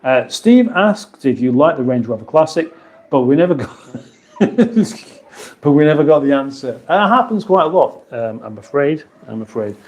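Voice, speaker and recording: A man's voice: a little high, very animated, moderate pace, a little mellow. A man with an English accent hosting a casual live stream from his kitchen, reading viewer comments aloud with dry, playful banter. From England. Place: home kitchen.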